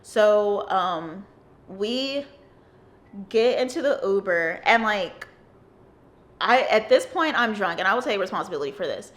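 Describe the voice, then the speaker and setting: A woman's voice: mid-range voice, lively intonation, measured pace, long pauses. A young woman, telling a casual storytime with lots of fillers and restarts. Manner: rambling, filler-heavy, with frequent "like". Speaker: vlogger.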